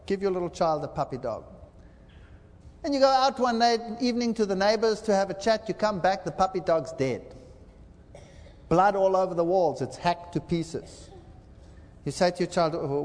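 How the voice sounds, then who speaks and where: A man's voice: high-pitched, very animated, normal speed, a little mellow, long reverb tail. A man preaching a sermon lecture, telling a dramatic parable and acting out the quoted lines. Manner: dramatic storytelling with acted-out quotes.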